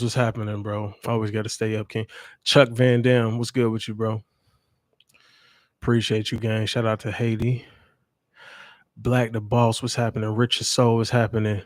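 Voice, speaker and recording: A man's voice: mid-range voice, no echo. A young male dating coach talking straight to his viewers in a loose, casual livestream. He is blunt and profane and breaks into laughter often. His voice sits in a middling range, and the sound is dry, with no room around it. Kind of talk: casual livestream chat to camera.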